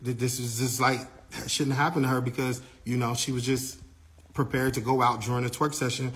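A man working as a tour manager, retelling events in a casual, animated way and quoting the people involved. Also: mid-range voice, brisk. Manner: animated storytelling, quoting others.

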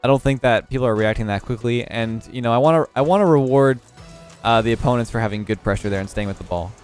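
Young man, game commentary, just woke up and yawning, relaxed play-by-play analysis, mid-pitched. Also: fast talker, faint music behind. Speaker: gaming YouTuber commentating his own match. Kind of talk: casual gameplay commentary.

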